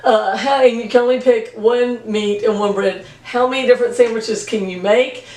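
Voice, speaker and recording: A woman's voice: a little high, steady tone, normal speed, darkish tone, recorded from a distance. A woman math teacher giving a recorded video lesson, chatty and plain-spoken with jokey asides. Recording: echoey room, voice from off-mic.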